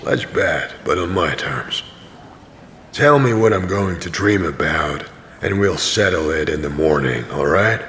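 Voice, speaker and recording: A man's voice: low voice, lively intonation, a bit bright, a little hiss or hum, full character voice. A man narrating an audio drama as a tired, cynical wandering pilgrim. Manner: dry, tired, slow narration. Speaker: narrator and main character.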